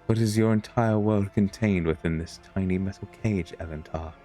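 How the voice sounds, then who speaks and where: A man's voice: deep voice, mellow, soft background music, lightly acted. A man voicing an aloof, haunted female alien seer from a video game, speaking formally. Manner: formal, measured speech. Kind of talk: reading game dialogue aloud.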